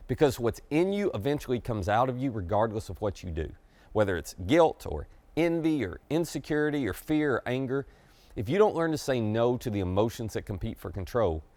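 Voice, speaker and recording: A man's voice: medium pitch, no room sound. A middle-aged man preaching a conversational sermon to camera as pastor, confiding and emphatic.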